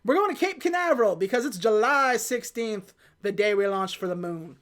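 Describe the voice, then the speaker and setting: A woman hosting a podcast, casually retelling a film plot and quickly acting out the characters' lines. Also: on the high side. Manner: animated retelling with quick put-on quotes. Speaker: podcast host. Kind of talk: casual movie recap chat.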